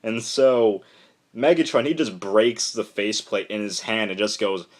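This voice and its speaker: A young man giving a casual, rambling spoken review of a comic, retelling the plot excitedly with lots of fillers. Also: on the low side, a little slow.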